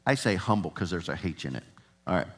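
A man's voice: deep voice, big pitch swings, fast talker, a bit bright. A man preaching a sermon in a conversational way, chuckling at times and building to emphatic passages.

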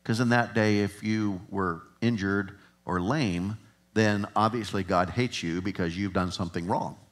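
A man's voice: on the low side, steady tone, a little slow. A man preaching a sermon in a conversational way, chuckling at times and building to emphatic passages.

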